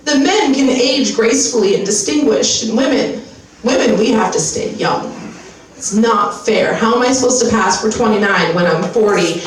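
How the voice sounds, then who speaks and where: In her stand-up set, an American comic in her 30s puts on a pushy skincare-ad voice, a little high and at normal speed. Her brash, profane, conversational storytelling is recorded from far off in an echoey live comedy venue, with audience noise around it.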